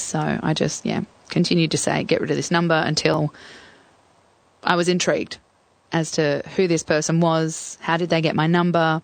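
A young Australian woman speaking candidly, her voice carrying a gravelly edge. She recalls her story with hesitations and fillers, close to the mic in a dry studio. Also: low-pitched, flat delivery, moderate pace, no room sound. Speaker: guest. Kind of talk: reflective storytelling interview.

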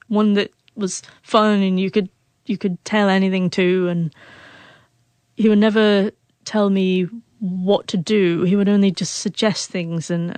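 A woman's voice: medium pitch, a little mellow, dry recording. Woman in her 40s, stuttery, catching on first sounds, dry close sound. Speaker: author and guest. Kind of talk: emotional interview storytelling.

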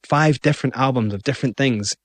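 A man's voice: medium pitch, a little fast, dry recording. A man, a guest in an interview, recounting events animatedly and acting out other people's lines. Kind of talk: interview storytelling.

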